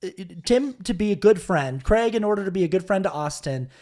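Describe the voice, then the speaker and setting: A man co-hosting a podcast, retelling a film's scenes in casual chat and jumping into high voices for quoted characters. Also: expressive, fairly quick, a little mellow. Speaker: podcast co-host. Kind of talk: casual movie recap chat.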